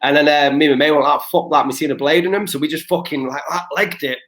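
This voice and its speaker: A man's voice: a little high, quick pace, a bit bright. A young man, co-hosting a podcast and telling rambling, sweary stories full of restarts. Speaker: podcast co-host. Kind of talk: casual chat.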